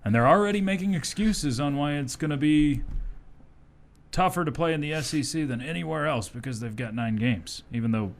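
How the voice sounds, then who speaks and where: A man's voice: on the high side, a little fast. A man hosting a sports talk radio show in a studio, speaking casually and often chuckling as he talks. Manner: easygoing, chuckles often while talking.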